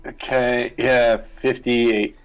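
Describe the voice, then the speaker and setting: A man's voice: mid-range voice, little pitch movement, takes it slowly, low-quality recording. Rambling male player. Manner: rambling, lots of "like". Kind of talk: casual chat at a game table.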